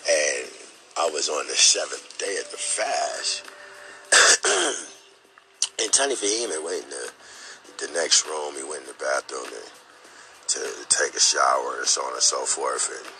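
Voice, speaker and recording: Deep man telling a story. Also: lively intonation, gravelly, pushed and bright, slight background noise, rough recording. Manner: halting, repeats words, many fillers; earnest and emotional. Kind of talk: personal storytelling.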